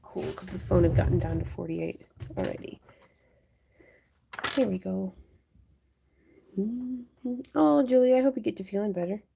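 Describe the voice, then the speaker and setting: A woman's voice: mid-range voice, unhurried, gravelly, long pauses, dark tone, slight background noise. A young woman hosting a craft livestream, chatting casually and answering viewers while she works. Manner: chatty, thinks aloud and answers viewer chat.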